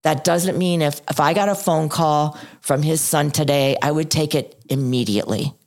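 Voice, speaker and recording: A woman's voice: deep voice, normal speed, a little mellow. A middle-aged woman co-hosting a podcast, talking earnestly and reflectively, often repeating phrases for emphasis. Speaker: podcast co-host.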